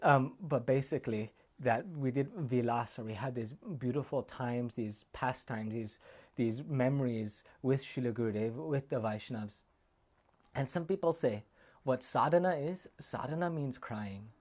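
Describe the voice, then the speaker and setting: A man giving a loose, heartfelt sermon as a monk, drifting between personal memories and teaching. He speaks at a middling pitch and often wanders off on side tangents before finding his way back. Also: moderate pace, a little mellow. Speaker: monk giving a remembrance talk. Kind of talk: informal sermon with personal stories. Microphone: camera recording.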